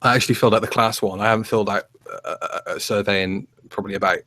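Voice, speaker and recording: A man co-hosting a casual chat show, telling rambling, animated stories with many restarts. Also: fairly low pitch, racing. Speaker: podcast co-host.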